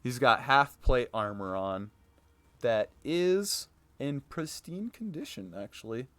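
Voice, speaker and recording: A man serving as dungeon master, talking quickly and chattily and laughing often as he runs a tabletop game. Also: medium pitch, animated, a bit bright, dry recording.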